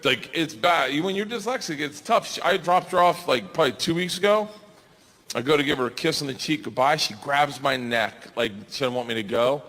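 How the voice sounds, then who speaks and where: A man in his forties from the United States, doing a stand-up comedy routine with loud, animated storytelling. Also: a little high, brisk. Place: large theater stage. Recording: live in a large hall with crowd. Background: audience laughter and noise.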